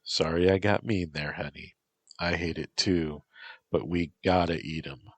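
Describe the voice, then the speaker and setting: A man's voice: low voice, steady tone, a little slow, no room sound. A man voicing a bossy, tough young female soldier who gives orders and teases. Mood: firm. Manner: commanding, teasing.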